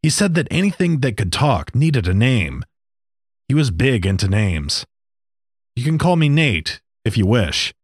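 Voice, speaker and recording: A man's voice: medium pitch, big pitch swings, a little slow, breathy edge, no room sound, studio quality. A man doing a wry old talking snake. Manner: matter-of-fact, dryly joking.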